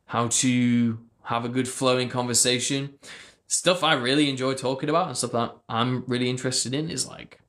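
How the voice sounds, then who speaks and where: A man's voice: mid-range voice, fairly even intonation, normal speed, fairly bright tone. A man, a speech coach, chatting casually on a livestream and answering viewers. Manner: chatty, loose, fillers, answers viewer comments.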